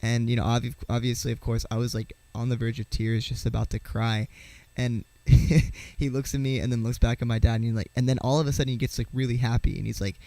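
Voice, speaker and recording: A man telling a personal story to camera in a casual vlog, halting, with many fillers, restarts and swear words. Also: mid-range voice. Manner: swearing, excitable. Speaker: vlogger.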